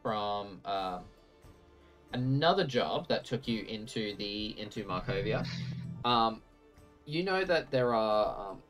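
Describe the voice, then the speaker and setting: A woman narrating as game master of a tabletop game, slow and halting with many ums. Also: a bass voice, animated, faint music behind.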